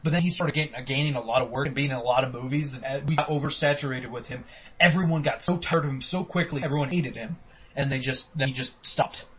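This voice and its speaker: A man's voice: mid-range voice, fast, fairly bright tone. A man co-hosting a casual podcast, joking and swearing, acting out quotes in mock voices. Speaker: podcast co-host. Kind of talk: casual chat. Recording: dull lo-fi podcast audio.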